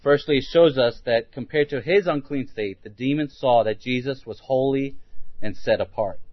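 A man's voice: mid-range voice, normal speed, dry recording. Male preacher mid-sermon, questions the congregation, dry, slightly dull recording. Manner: asks the listeners many rhetorical questions; restarts and repeats words while thinking aloud.

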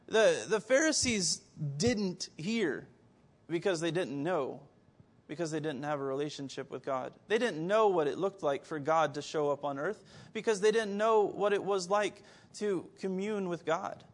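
A man delivers a sermon in a voice pitched higher than most men's. He keeps turning to his listeners with pointed rhetorical questions and sometimes stumbles and restarts his words. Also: unhurried. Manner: animated, rhetorical questions to the congregation; occasional stammered restarts. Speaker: preacher.

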